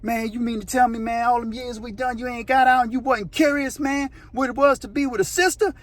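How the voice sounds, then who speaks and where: A man's voice: very high-pitched, steady tone, fairly quick. A man voicing a laid-back, teasing male convict who talks in drawling street slang and repeats words. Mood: coaxing.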